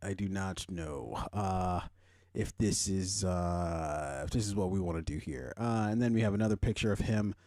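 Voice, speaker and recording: A young man hosting a podcast, chatting casually and rambling, swearing often and swinging into loud, animated rants. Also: low-pitched, normal speed, dry recording, clean studio sound. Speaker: podcast host. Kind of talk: casual pop-culture chat.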